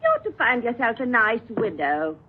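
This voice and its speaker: A woman's voice: on the high side, very animated, normal speed, a little hiss or hum. An actress playing a breezy, teasing young woman in an old radio drama. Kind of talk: 1940s radio acting. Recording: dull old radio recording.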